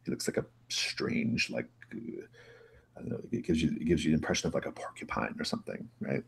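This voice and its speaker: A man's voice: a bass voice, a little fast, creaky, slightly rough. A man narrating a tabletop game as game master, rambling with many restarts.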